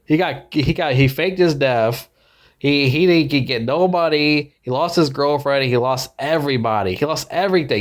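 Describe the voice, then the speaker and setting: A man's voice: a little high, normal speed. A man giving an angry, profane movie review rant, sarcastic, swearing constantly and repeating himself.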